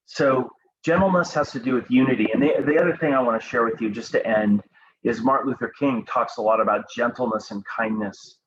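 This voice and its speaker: A man giving a devotional talk and prayer to students, speaking calmly and unhurriedly with frequent ums and restarts. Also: medium pitch, brisk. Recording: dull lo-fi recording with faint background noise.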